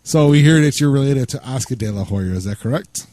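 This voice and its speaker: A man's voice: medium pitch, lively intonation, fairly quick, mellow, no room sound. Rambling, joking man radio host. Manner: rambling, laughs at his own jokes. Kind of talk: playful radio banter.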